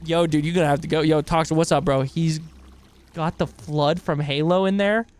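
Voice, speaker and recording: A male streamer giving excitable, profane live commentary while playing a game and thanking new followers. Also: on the high side, normal speed.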